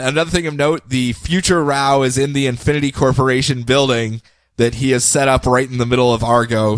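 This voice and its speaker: A man hosting a podcast, animated and laughing as he recaps and acts out comic scenes. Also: mid-range voice, no room sound. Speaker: podcast host. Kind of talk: casual chat recapping comics.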